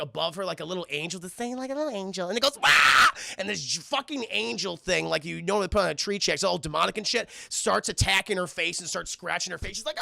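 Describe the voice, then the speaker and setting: Male streamer, high gravelly voice, lively film recap, dry close mic. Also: dry recording. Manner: animated, acts out characters in shouted voices. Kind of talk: excited movie recap to live chat.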